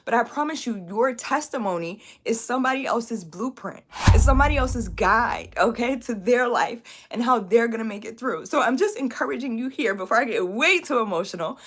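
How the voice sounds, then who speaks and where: Bright-voiced woman coaching with emphatic encouragement. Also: fairly high pitch, lively intonation, a little fast, few pauses. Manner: emphatic, encouraging, repeats tag questions like "okay?" and "right?". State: emotional, near tears. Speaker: business coach. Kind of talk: live-stream motivational talk.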